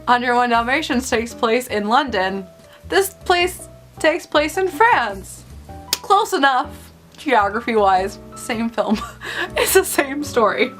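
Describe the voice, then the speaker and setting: A woman's voice: a little high, a bit bright. A woman hosting a casual film review vlog, opinionated and nitpicking, often laughing between points.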